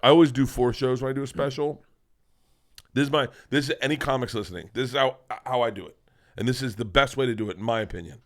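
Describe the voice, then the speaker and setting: Male comedian guest, rambling profane podcast chat, mid-pitch. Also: fast. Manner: loose, profane, rambling storytelling.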